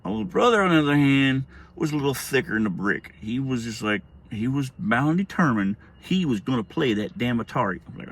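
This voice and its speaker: A man's voice: medium pitch, big pitch swings, fairly quick, vocal fry, hardly any pauses, husky. Middle-aged man, casual storytelling, rambling, profane, many restarts.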